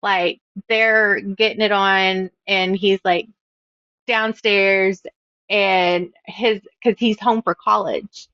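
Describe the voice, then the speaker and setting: A woman's voice: medium pitch, steady tone, slow pace, a bit bright, clean tone, no echo. Chatty bubbly woman in her 30s on a podcast, dry muffled audio. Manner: bubbly, chatty, laughs at her own stories. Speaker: author guest. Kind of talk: casual podcast chat.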